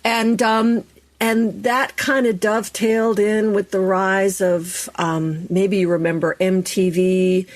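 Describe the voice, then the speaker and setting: A middle-aged woman, a speech and dialect coach, explaining in a lively, chatty way as a podcast guest. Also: medium pitch, slow pace.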